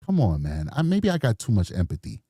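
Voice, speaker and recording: A man's voice: on the low side, a little fast, slightly rough, no room sound, studio quality. A man in his forties giving rambling, slangy reaction commentary on a true crime case. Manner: rambling, slangy, animated storytelling.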